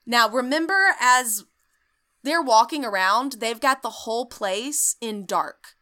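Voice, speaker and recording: A woman hosting a podcast, recapping a ghost-hunting show in an animated, sarcastic way and swearing freely. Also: fairly high pitch, slow. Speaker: podcast host. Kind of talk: comedic storytelling recap.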